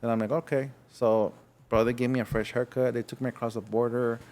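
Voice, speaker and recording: Young adult man from Los Angeles, podcast guest, frank halting storyteller. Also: medium pitch, little pitch movement, darkish tone. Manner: frank, halting, acts out voices in his story. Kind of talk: casual storytelling.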